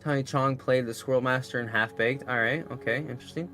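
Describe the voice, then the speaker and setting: A man chatting on a live game stream, his voice bright and forward. He rambles through stories, swearing freely and reading out viewers' messages as he goes, over a faint wash of game music. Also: medium pitch, fairly even intonation, brisk. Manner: swears freely, rambling storytelling, reads chat aloud. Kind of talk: casual live-stream chat.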